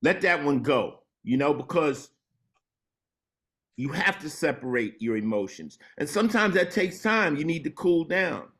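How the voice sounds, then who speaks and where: Laid-back storytelling man, slightly high. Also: sing-song, a bit bright. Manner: laid-back storytelling, drops low and slow when serious. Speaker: interview guest. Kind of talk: casual conversation.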